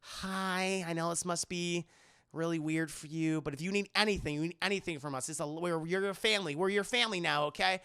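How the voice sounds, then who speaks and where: A man's voice: high voice, fairly quick, vocal fry, pushed and bright, clear, resonant tone, no room sound, studio quality, full character voice. A man voicing a fussy, overly polite aunt welcoming her nephew, hesitant and accommodating. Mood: soothing. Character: anxious adult aunt, overly accommodating woman.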